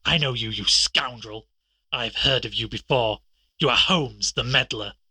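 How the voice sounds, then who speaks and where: A man voicing a huge, fierce old country doctor who snarls threats, in a husky, lowered voice. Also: moderate pace, sharp tone, dry recording, low-quality recording. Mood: menacing. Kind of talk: audiobook character reading.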